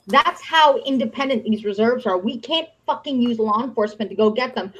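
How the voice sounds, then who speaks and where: A podcast host with a slightly high voice vents in casual, fiery commentary on her live stream, sarcastic and full of swearing. The recording sounds muffled.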